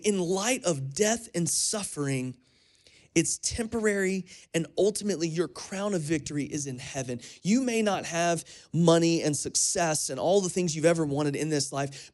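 A man preaches from the pulpit in a higher-than-usual voice. He speaks like he is talking with friends, often restarting his sentences as he tells stories. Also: darkish tone. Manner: conversational storytelling with repeated restarts. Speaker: pastor. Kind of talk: sermon.

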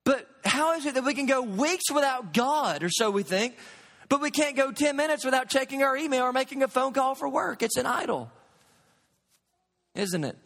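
High-voiced preacher in a reverberant hall. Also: male voice, normal speed, gravelly. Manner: animated preaching with sudden drops to quiet. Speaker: pastor. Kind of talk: sermon.

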